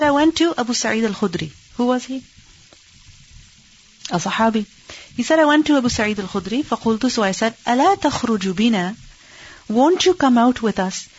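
Woman teaching a hadith lesson, husky. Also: on the high side, muffled recording. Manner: reads Arabic then explains in English, asks and answers own questions.

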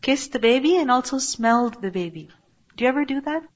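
Soft-spoken woman teaching on a dull recording. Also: high voice, lively intonation. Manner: gentle and explanatory, often asks the listener rhetorical questions; recites source text quickly, then translates slowly. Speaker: religious teacher. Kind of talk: explaining a religious text in class.

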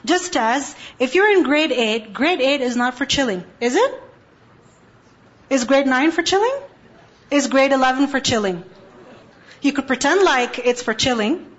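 A woman's voice: high-pitched, animated, a little slow, pauses often. A woman giving an Islamic lesson to teenagers, asking the class questions and answering them herself, with passages recited in Quranic Arabic. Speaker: religious teacher. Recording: dull lo-fi recording.

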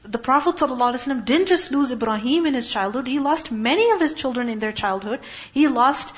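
A woman with a fairly high voice teaches a religious lesson, posing questions to her listeners and answering them. She recites verses slowly and carefully. The recording is dull and lo-fi. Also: lively intonation. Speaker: Quran teacher.

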